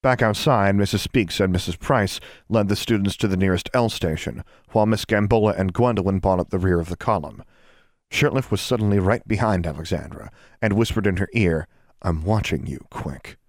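In a dry, clean studio recording, a deep-voiced man narrates an audiobook script. His storytelling is steady and measured.

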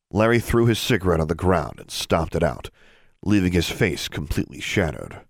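A man with a very deep voice reads a fantasy audiobook, his delivery moving lively up and down through the sentences. The sound is dry and close to the mic, with no room around it. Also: normal speed, creaky, no echo. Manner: steady storytelling with expressive dialogue. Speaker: narrator. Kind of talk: audiobook narration.

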